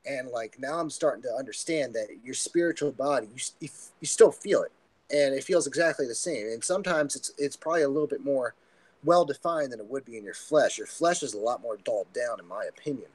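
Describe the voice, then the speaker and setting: A man telling a personal testimony as a podcast guest, earnest and rambling, often halting mid-sentence. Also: mid-range voice, animated, slightly rough. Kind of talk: casual testimony storytelling.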